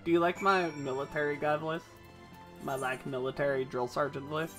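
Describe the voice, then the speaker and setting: A woman's voice: sits low, steady tone, moderate pace, soft background music. A woman streaming a video game, chatting casually with her viewers in a playful, teasing way and swearing freely.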